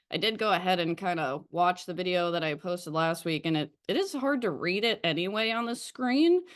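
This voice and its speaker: A woman's voice: medium pitch, clean tone. Stuffy-nosed young woman reading aloud. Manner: reads aloud haltingly with many fillers. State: stuffy nose and out of breath. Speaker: recovery study leader. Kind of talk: casual recorded study session.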